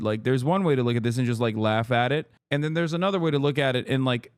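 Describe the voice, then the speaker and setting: A man in his thirties reacting to a clip on a live stream, talking fast and swearing freely. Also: medium pitch, clear, resonant tone, no room sound, studio quality. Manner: animated, profane, bursts of loud laughter. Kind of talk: casual live-stream commentary.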